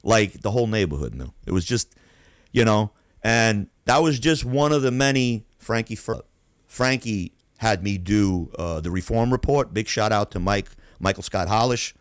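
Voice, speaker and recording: A man from Queens, hosting a podcast and telling stories in a profane, animated way. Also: on the low side, moderate pace, no echo, studio quality. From Queens, New York. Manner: animated, profane, acts out voices. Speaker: podcast host. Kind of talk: casual storytelling.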